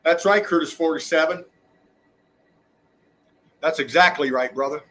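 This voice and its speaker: A man's voice: a little high, a little slow, a bit bright. A man hosting his own channel, delivering an angry, profane, preachy rant straight at his viewers. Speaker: channel host. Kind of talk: angry ranting monologue.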